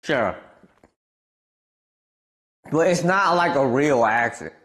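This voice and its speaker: A young man from the American Midwest talks loosely on his live stream, rambling from one thought to the next. He answers viewers' messages aloud in an easy, casual way. His pitch swings up and down freely as he talks. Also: expressive, takes it slowly, fairly bright tone.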